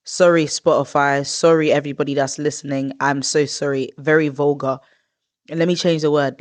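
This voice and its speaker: A woman in her twenties hosting a podcast in casual chat. She talks in an expressive, rambling way, with drawn-out groans of disgust. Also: deep voice. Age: 20s. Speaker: podcast host.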